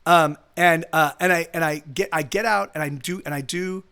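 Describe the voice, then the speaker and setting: A man's voice: fairly high pitch, normal speed, pushed and bright, clean tone. A man telling a long story in a casual, rambling way, often restarting his sentences and swearing. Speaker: streamer. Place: home streaming setup.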